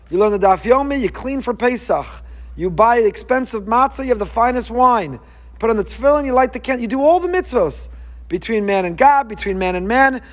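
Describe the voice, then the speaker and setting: A man, a rabbi, giving an emphatic and animated Torah lecture. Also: sits high. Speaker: rabbi teaching a class.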